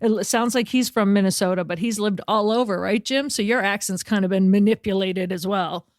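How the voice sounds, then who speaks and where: A woman's voice: mid-range voice, a little fast, no room sound, studio quality. Chatty Massachusetts-accented woman host. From South Shore of Massachusetts. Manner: chatty, animated, laughs often. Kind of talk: casual interview chat.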